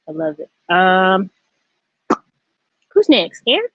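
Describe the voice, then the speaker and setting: A woman's voice: mid-range voice, moderate pace, long pauses, no room sound. Woman, open mic host, bubbly effusive chat, dry lo-fi video call. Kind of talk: casual hosting chat. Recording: dry, dull lo-fi call audio.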